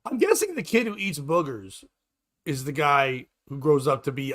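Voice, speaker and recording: A man's voice: fairly high pitch, sing-song, moderate pace, fairly bright tone. A man hosting a comedy podcast, trading crude jokes in casual banter and laughing often. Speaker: podcast host.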